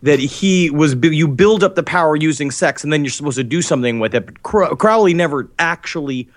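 Rambling, foul-mouthed man with a slightly high voice. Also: lively intonation, a little fast, no echo, clean studio sound. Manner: rambling, profane, jokey, with frequent restarts. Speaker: podcast co-host. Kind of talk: casual chat.

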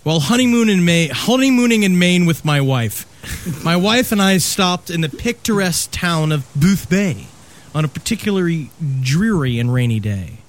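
A man reads a horror story aloud on a comedy podcast, breaking in with playful jokes. His voice sits fairly high. His pitch rises and falls a great deal. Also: animated, normal speed. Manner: joking, playful asides. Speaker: podcast host reading a story.

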